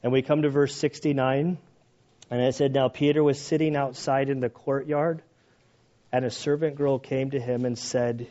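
A man's voice: medium pitch, normal speed, highs cut off. A man preaching a sermon conversationally, reading scripture aloud and commenting on it in plain everyday words. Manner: conversational preaching, grows loud and animated. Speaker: pastor.

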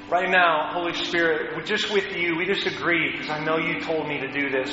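Pastor preaching in a big echoey hall. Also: male voice, on the high side, bright, forceful tone. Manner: conversational preaching, rising into fervent prayer. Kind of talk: sermon. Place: church hall. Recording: echoey hall, dull sound, faint noise.

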